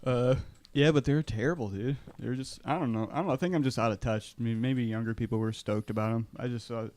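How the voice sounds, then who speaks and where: A laid-back man co-hosting a casual podcast chat, laughing often and swearing freely. His voice sits at an ordinary middle pitch for a man. The recording is dry and close, with little room sound. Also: quick pace, a little mellow, no room sound. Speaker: podcast co-host.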